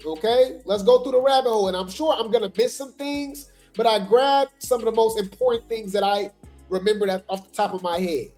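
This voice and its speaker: A woman's voice: fairly high pitch, brisk, a little mellow, faint music behind. A woman hosting a casual gossip commentary livestream, talking straight to her viewers. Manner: chatty, talks straight to the viewers. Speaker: host of a gossip commentary show.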